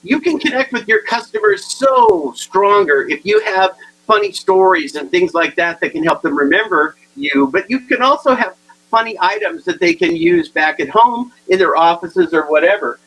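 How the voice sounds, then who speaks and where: A man giving a humorous keynote talk to realtors, acting out both sides of his stories with animated delivery. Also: high-pitched, moderate pace, rough recording. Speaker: motivational speaker.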